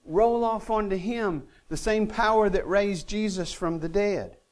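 A male pastor preaching a sermon, earnest with touches of dry humor, swinging between emphatic lines and quiet, intimate ones. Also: sits high, unhurried.

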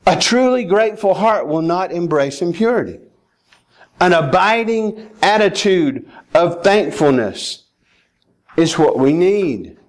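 A man's voice: high-pitched, lively intonation, slow. A man preaching a sermon as a pastor, emphatic and urging his listeners directly. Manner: emphatic, rising to urgent pleading.

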